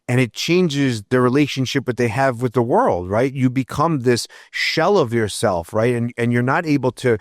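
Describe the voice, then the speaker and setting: A man's voice: mid-range voice, animated, moderate pace, hardly any pauses, dry recording, studio quality. Reflective podcast host man. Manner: reflective, leans on "right?" tags. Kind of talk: casual interview chat.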